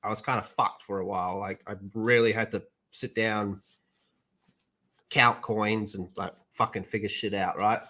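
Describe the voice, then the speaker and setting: A man's voice: fairly low pitch, steady tone, moderate pace, pushed and bright. A young man streaming, chatting and ranting in a casual, profane way.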